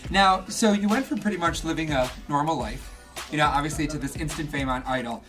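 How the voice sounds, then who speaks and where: A man's voice: a little high, a little fast, over music. A male radio host interviewing a guest, upbeat and chatty, laughing often.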